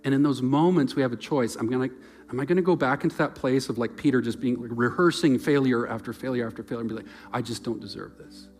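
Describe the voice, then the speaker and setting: Male pastor, mid-pitched, earnest sermon with big dynamic swings, soft music underneath. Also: fast. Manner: earnest, swings from loud emphasis to near-whispered softness.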